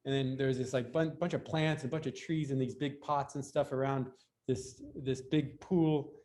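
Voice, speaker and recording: A podcast guest who rides BMX tells long stories in relaxed interview chat, full of fillers and restarts. He speaks at normal speed with a medium pitch, fairly even intonation, and a darkish tone.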